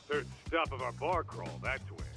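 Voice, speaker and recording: A man's voice: mid-range voice, sing-song, measured pace, vocal fry. A man voicing a laid-back adult male detective buddy in a video game, joking and laughing easily. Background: game music.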